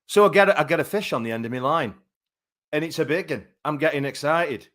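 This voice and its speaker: A man's voice: a little high, expressive, brisk, fairly bright tone. A man in his thirties hosting a live boxing talk show, chatty and rambling with many fillers. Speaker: boxing show host and commentator.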